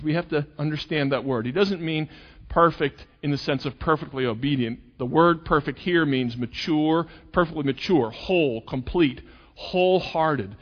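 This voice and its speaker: A man's voice: on the high side, normal speed. A male pastor preaching a sermon, acting out quoted voices with sarcasm. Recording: dull sound with long hall reverb.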